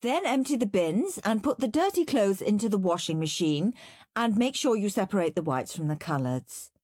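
A woman's voice: mid-range voice, sing-song, moderate pace, darkish tone, husky, no echo, clean studio sound. A woman voicing a stern mother giving firm orders. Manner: firm commands.

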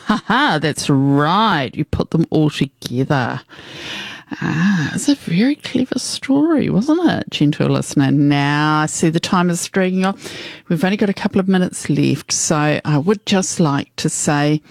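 A woman hosting a casual radio show, chatting warmly to her listeners. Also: deep voice, measured pace, dry recording, clean studio sound. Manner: chatty, fumbling with equipment. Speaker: radio host. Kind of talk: casual chat.

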